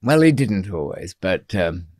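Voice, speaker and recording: A man's voice: low-pitched, big pitch swings, measured pace, darkish tone, no echo. Older man, dry wry storyteller. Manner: dry, wry storyteller with frequent ums and restarts. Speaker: interview guest. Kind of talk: storytelling in a long-form interview. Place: studio.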